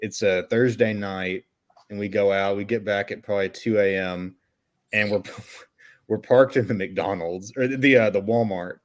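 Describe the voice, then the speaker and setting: A young man, co-hosting a podcast and telling a story in a relaxed, rambling way. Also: on the low side, normal speed. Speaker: podcast co-host. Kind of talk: casual chat.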